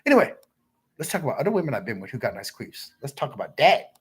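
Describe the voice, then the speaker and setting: A man with a husky, breathy voice rambles through crude, repetitive stories on a livestream. His pitch swings widely up and down as he talks. He breaks off to read viewer comments aloud. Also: big pitch swings, fast, a bit bright.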